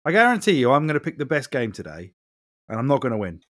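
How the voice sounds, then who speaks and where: A man's voice: mid-range voice, very animated, fast, a bit bright, no echo, studio quality. A man hosting a podcast in casual chat, with sweary, mock-grumpy banter. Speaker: podcast host.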